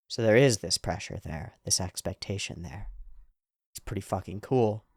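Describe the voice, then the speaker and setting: Animated man reacting to anime. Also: medium pitch, normal speed, no room sound, clean studio sound. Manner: enthusiastic, chuckling often. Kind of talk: casual reaction commentary.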